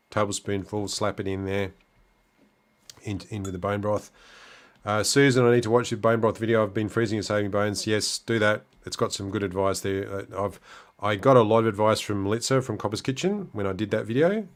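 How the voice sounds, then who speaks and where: Chatty Australian man reading comments. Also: lowish voice. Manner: relaxed, chatty, many fillers and restarts. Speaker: livestream host. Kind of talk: casual livestream chat reading comments.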